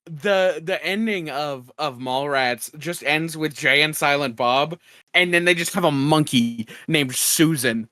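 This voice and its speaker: A man co-hosting a podcast in casual chat, making quick incredulous asides. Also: a little high, pushed and bright, dry recording. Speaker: podcast co-host.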